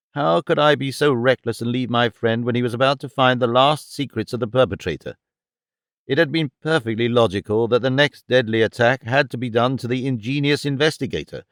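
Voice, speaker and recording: A man narrating a detective story in the first person, even and clear. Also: mid-range voice, no room sound, clean studio sound. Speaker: audiobook narrator.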